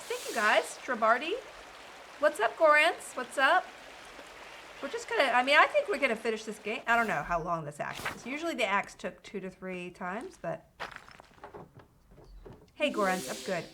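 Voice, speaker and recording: While streaming a video game, a woman chats casually with viewers and reads the game's dialogue aloud. Her voice is on the high side with big pitch swings, a moderate pace, and frequent pauses, and there's background noise.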